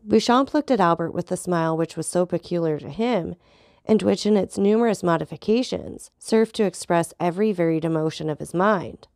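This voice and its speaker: A woman narrating an audiobook of a classic novel aloud with steady, even storytelling. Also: fairly low pitch, a little fast, no echo, studio quality.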